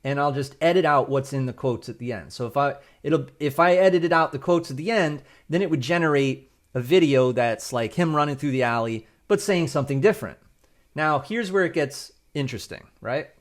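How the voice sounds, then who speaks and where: A man's voice: mid-range voice, lively intonation, brisk. A man, a video creator, casually walks through how he wrote his prompts, rambling and checking in often. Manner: loose and rambling, tags lines with "right?". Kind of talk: casual tutorial talk.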